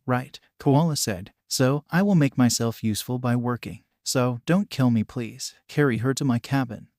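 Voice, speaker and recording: A man's voice: medium pitch, darkish tone, dry recording, clean studio sound. A man reading a fan fiction story aloud, giving every character the same narrating voice.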